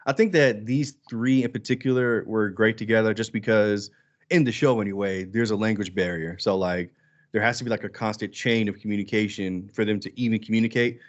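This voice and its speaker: A man co-hosting a podcast in casual chat, animated and quick to act out quoted lines. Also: fairly low pitch, highs cut off. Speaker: podcast co-host.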